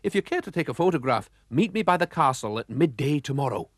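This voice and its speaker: A man's voice: a little high, lively intonation, fast talker, dry recording, studio quality. A man voicing a kind, gracious female lake monster in a storybook. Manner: gracious, kindly.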